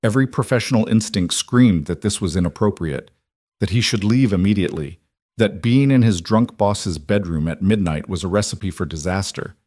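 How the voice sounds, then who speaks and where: A man reading a scripted story in an even, measured way. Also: sits low, dry recording. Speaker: narrator. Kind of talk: scripted narration.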